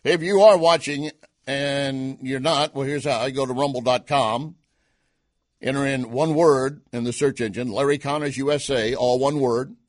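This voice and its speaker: A man hosting a live online show in a sarcastic commentary style, firing rhetorical questions at the audience. His voice sits at an ordinary middle pitch. The recording is close and dry, with no room sound. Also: moderate pace, no echo. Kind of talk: opinionated news commentary.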